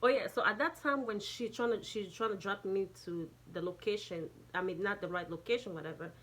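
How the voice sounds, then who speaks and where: A woman's voice: mid-range voice, fairly quick, fairly bright tone. A woman with a Jamaican accent telling a casual storytime, rambling, swearing and restarting sentences often. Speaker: vlogger.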